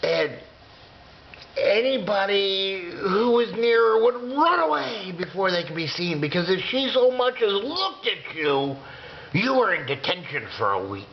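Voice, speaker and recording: A man in his sixties telling a comic story in a drawn-out, rambling way, sometimes dropping to a whisper. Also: high voice, lively intonation, slight background noise. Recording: dull lo-fi recording.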